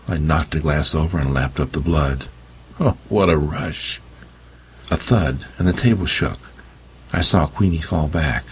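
A man's voice: a bass voice, slight background noise. A man narrating a first-person audiobook in a wry, sardonic storytelling manner.

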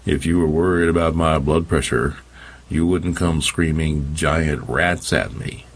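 Storybook figure: a gravelly, gruff older man, played by a deep-voiced narrator, slow and laconic. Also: steady tone, full character voice.

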